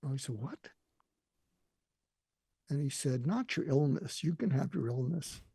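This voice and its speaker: Gravelly older man, earnest and emotional. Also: medium pitch, expressive, unhurried, warm tone, no room sound, clean studio sound. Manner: earnest, emotional, quotes others' words. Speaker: guest. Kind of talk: reflective personal storytelling.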